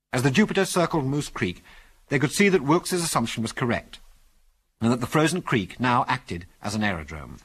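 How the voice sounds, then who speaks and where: Man, storybook narrator, expressive reading, lively pitch, medium pitch. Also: a little fast, husky. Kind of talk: audiobook reading.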